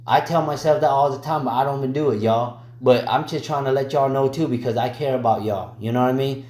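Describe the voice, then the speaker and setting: A man's voice: medium pitch, fast talker, a little mellow. Chatty man teaching nails, roomy sound. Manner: chatty, slangy, addresses viewers as y'all; joking, teasing asides. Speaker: nail technician teaching. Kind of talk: casual voice-over tutorial.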